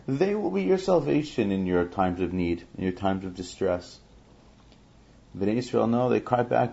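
A man's voice: deep voice, animated, moderate pace, vocal fry, mellow. A man teaching a verse-by-verse Bible class, chanting each Hebrew verse and then explaining it in English. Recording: dull lo-fi recording.

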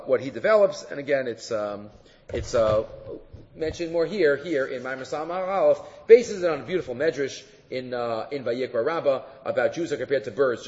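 Man, lively Talmud teacher, slightly high voice, dull recording with long reverb in a hall. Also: husky. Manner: animated, mixes English with Hebrew and Aramaic, many fillers. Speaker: Torah teacher. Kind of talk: Talmud lecture.

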